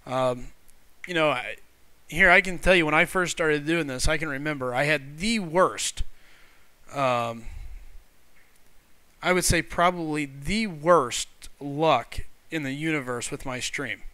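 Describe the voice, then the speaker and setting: Streamer type, man with a Missouri accent, bright and crisp, friendly chat, dry close mic. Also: on the high side, measured pace, dry recording. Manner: chatty, friendly, reads viewer comments aloud. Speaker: streamer hosting a live game stream. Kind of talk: casual live-stream chat.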